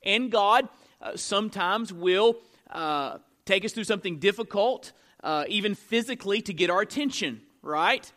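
Man, pastor, sermon, high voice, bright tone, rhetorical questions, fillers. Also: lively intonation, normal speed.

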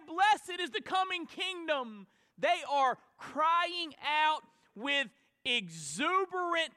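High-voiced preacher in an echoing church. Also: male voice. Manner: swings from quiet to shouted emphasis. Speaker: pastor. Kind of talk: sermon. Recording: long church hall reverb.

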